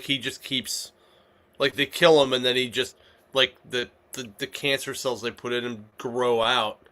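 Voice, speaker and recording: A man's voice: mid-range voice, pushed and bright. A man hosting a casual comic shop podcast, rambling with lots of fillers and restarts. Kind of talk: casual chat.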